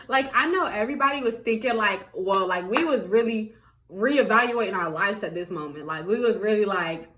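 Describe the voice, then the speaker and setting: A young woman telling a story to her viewers in a casual vlog, animated and laughing often. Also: fairly high pitch, fairly quick. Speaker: vlogger.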